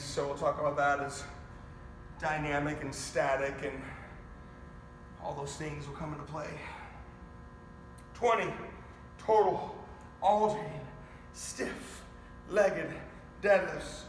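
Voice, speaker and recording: A man with a high voice takes his time, leading a home workout in an unhurried, energetic way. He counts out reps and speaks straight to the viewers. The sound is roomy, with a long reverb and a faint hum of ambience behind him. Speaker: fitness coach. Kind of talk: live online workout instruction. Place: garage home gym. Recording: echoey room with faint ambience.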